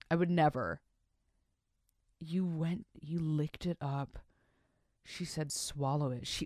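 A podcast host, a woman with a slightly low voice, talks casually and swears freely. She reads out listener stories and breaks off into exaggerated, disgusted reactions. The sound is dry and close. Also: normal speed, no room sound. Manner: crude, profane, swings into mock-disgusted reactions.

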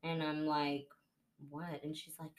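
A woman's voice: sits low, flat delivery, measured pace, slight background noise. A young woman hosting a podcast, telling an emotional personal story in casual chat and acting out the voices of people she quotes. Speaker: podcast host.

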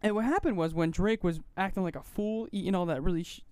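A man's voice: high voice, quick pace, darkish tone, smooth, no room sound. A man co-hosting a radio show, chatting casually and laughing often in a laid-back, slangy way. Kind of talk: casual banter. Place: radio studio.

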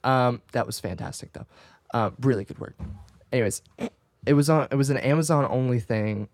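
A man's voice: medium pitch, a little fast. A man from the Southern US, co-hosting a podcast in casual, joking chat and laughing often. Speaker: podcast co-host.

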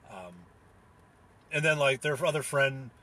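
Recounting a comedy show in a solo chat, a young man sounds animated yet keeps a measured pace, his mid-range voice husky and bright-edged. He wanders through the story with fillers and restarts, laughs mid-word, swears freely, and stays casual and unscripted.

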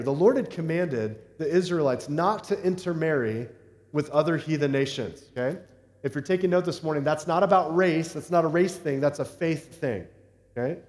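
A man preaching a conversational sermon, often pausing to check in with his listeners. His voice sits a little higher than most men's. The room gives it a roomy echo with a long reverb tail. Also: darkish tone. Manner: conversational preaching with frequent check-ins to the congregation. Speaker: pastor. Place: church sanctuary. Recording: echoey hall reverb.

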